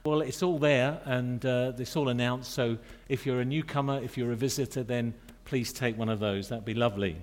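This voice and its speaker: A man's voice: mid-range voice, steady tone, moderate pace, few pauses. A middle-aged man preaching in a church, chatty and joking with the congregation between points. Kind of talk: sermon. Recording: long reverb of a church hall.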